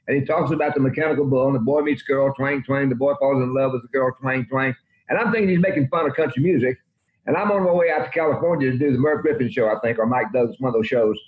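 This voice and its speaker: A man in his eighties telling folksy, rambling anecdotes as a country music guest in an interview. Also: mid-range voice. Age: 80s. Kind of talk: interview storytelling. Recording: roomy, dull lo-fi sound.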